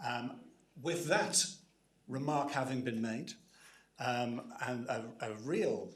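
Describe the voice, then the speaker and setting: A man's voice: mid-range voice, slow pace. A man hosting a conference stage, introducing speakers in a playful, rambling way with self-aware asides. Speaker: event host. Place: conference hall. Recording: echoey hall sound.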